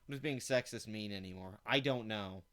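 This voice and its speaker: A man's voice: lowish voice, moderate pace, a bit bright. A man hosting his own channel, ranting with contempt and heavy swearing as he reacts to an article he reads aloud. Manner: profane, contemptuous, sarcastic. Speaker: channel host. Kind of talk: angry commentary rant.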